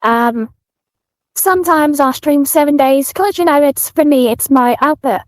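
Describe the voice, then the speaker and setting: A woman's voice: high-pitched, a little slow, dry recording. A British woman, a streamer, talking in an interview in an earnest, thankful way with many fillers. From Britain. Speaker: streamer guest. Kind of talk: casual interview chat.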